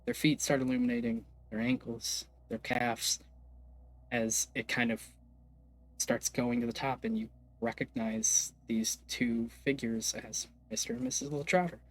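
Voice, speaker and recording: A man's voice: medium pitch, a little slow. A man narrating a tabletop game as game master, hesitant and loose, with lots of fillers and the odd swear.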